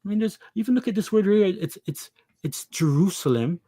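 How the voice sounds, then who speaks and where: A man's voice: sits high, expressive, brisk, mellow, slightly rough, dry recording, clean studio sound. A man preaching an impassioned scripture lesson, pressing his listeners with rhetorical questions. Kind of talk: impassioned religious teaching.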